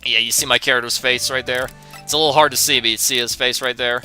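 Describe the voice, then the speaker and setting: A man's voice: mid-range voice, fairly even intonation, fast talker, bright, forceful tone, soft background music. A young man streaming a game, answering chat in a sarcastic, profane way and laughing often.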